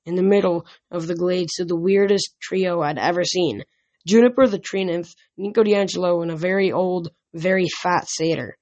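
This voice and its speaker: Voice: medium pitch, fairly even intonation, normal speed, a little mellow, no room sound, dull audio. Casual audiobook reader. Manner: casual reading with small slips and restarts. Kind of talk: first-person novel narration.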